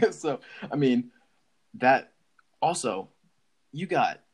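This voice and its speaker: Excitable young man chatting football. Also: mid-range voice, drawn-out words, husky. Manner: excitable, laughs often, many restarts. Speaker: podcast co-host. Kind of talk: casual sports chat.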